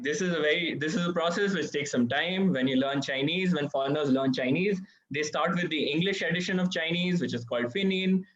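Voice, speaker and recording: Man as live-class moderator, slightly high voice, friendly and direct with viewers, dull video-call audio. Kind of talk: casual live-stream hosting.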